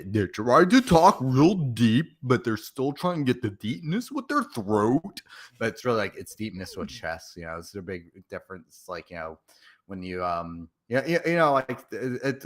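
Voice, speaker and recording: A man's voice: low-pitched, fairly bright tone. A young man in casual chat, rambling with many restarts and jokingly dropping or raising his voice. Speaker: co-host.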